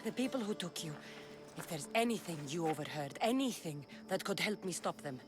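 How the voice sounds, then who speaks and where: An actress playing a calm, dry-witted woman mercenary in a video game. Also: fairly low pitch, a little fast, natural voice. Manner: calm, dry, matter-of-fact. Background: game music.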